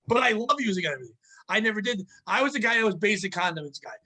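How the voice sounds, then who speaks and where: High, bright-voiced profane podcast host. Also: male voice, racing. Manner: profane, animated, ranting. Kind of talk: casual comedic podcast chat, ad read.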